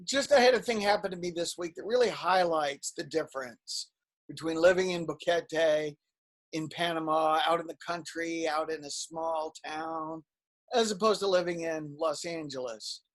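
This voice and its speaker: A man's voice: on the high side, fairly even intonation, unhurried, fairly bright tone. A man co-hosting a podcast, chatting casually and telling stories with a flippant, joking manner. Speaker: podcast co-host.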